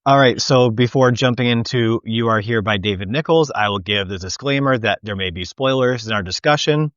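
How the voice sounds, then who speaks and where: A man hosting a casual book podcast, leading the talk with relaxed questions. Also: medium pitch, brisk, clear, resonant tone, no echo, highs cut off. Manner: relaxed, leads discussion with questions. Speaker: podcast host. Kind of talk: casual chat.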